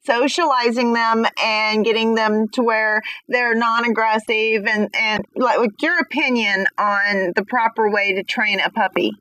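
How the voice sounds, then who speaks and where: A woman's voice: fairly high pitch, measured pace, few pauses, rough recording. A woman hosting a radio interview, chatty and giggly as she talks. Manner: chatty and giggly, animated about her dogs. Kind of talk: casual radio interview chat.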